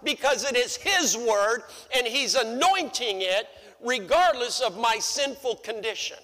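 A middle-aged man preaching from the pulpit, high-pitched and bright in tone. He tells his stories animatedly, stumbling over restarts. His voice rings with the long reverb of a church hall. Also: unhurried. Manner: animated storytelling, stammering restarts. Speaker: pastor. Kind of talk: sermon. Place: church sanctuary.

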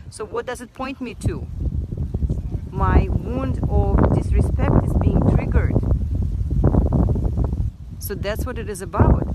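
A woman's voice: medium pitch, noisy background. A woman speaking earnestly in a personal reflective vlog, repeating phrases for emphasis. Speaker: self-help vlogger.

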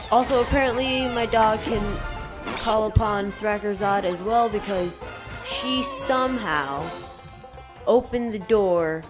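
A woman commentates a video game in a put-on, imitation Cockney accent. Her delivery is slow and unhurried, and she jokes and swears mildly as she plays. Game music plays clearly behind her. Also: mid-range voice. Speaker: let's play host. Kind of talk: blind gameplay commentary.

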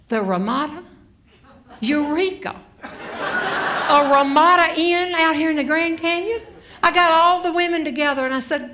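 An older woman telling a story on stage as a humorist, animated and slipping into voices of the people she quotes. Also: high-pitched, normal speed. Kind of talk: live stand-up storytelling. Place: stage before a laughing audience.

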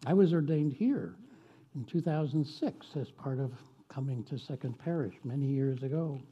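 A man's voice: medium pitch, normal speed, warm tone, slightly rough, muffled recording. A man, a guest minister, telling a story in a sermon with folksy, chatty asides to the congregation.

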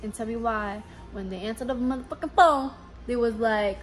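Young woman, casual profane storyteller, a bit high-pitched, music playing behind her. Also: normal speed. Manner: loose, profane, storytelling rants. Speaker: vlogger and singer. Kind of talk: casual chat to camera. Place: recording studio late at night.

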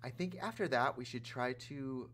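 A man hosting a casual gaming livestream, chatty and animated, talking straight to his chat in a campy, playful way. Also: mid-range voice, normal speed. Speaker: livestream host playing a life-sim game.

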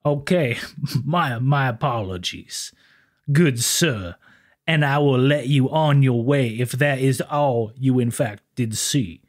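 A man voicing an overly polite, formal investigator with a smooth voice. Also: on the high side, very slow, pauses often, heavily acted. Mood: courteous. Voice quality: smooth, prim, formal phrasing.

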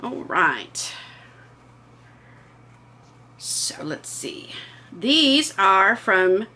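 A woman's voice: mid-range voice, sing-song, very slow, sharp tone. A woman hosting a casual home vlog, chatting enthusiastically and gushing over what she shows. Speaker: vlog host.

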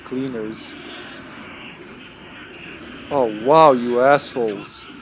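A man's voice: mid-range voice, steady tone, very slow, slight background noise. A man with a Russian accent streaming a co-op video game, chatting casually and cracking jokes with his teammate. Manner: joking, playful banter. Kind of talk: casual co-op gaming chat.

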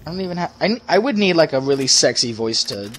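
A man chatting casually with friends while gaming, goofy and teasing, jumping between loud outbursts and low mumbles. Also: very animated, fast, a little hiss or hum. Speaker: gamer.

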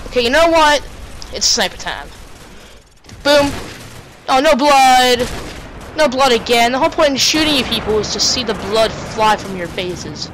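A woman's voice: on the high side, expressive, moderate pace, fairly bright tone, slight background noise, low-quality recording. A woman giving casual, sarcastic commentary while playing a video game, joking and talking back to the characters on screen. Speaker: let's play commentator.

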